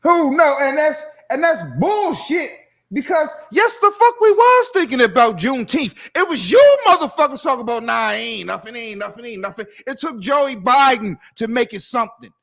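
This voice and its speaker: A man's voice: very high-pitched, big pitch swings, normal speed, fairly bright tone. Heated, profane man ranting. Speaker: podcast co-host. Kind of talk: casual podcast chat.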